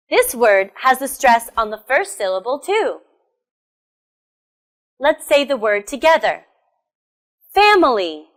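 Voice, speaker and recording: An American woman teaching English pronunciation, enunciating words slowly and carefully and encouraging learners with questions. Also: a little high, fairly bright tone. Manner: slow, careful enunciation with repetition. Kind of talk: pronunciation lesson.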